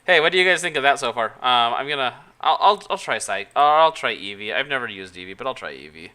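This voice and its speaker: A man's voice: medium pitch, lively intonation, fast, sharp tone, clean tone. A man from Utah streaming live, chatting casually and thinking aloud with hesitant restarts as he works. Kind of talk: casual live-stream chat while working.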